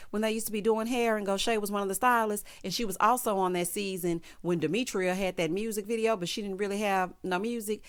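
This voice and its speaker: A woman's voice: medium pitch, clear, resonant tone. A woman giving a casual, sassy show recap, talking bluntly and directly to her viewers. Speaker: vlogger reviewing a TV show.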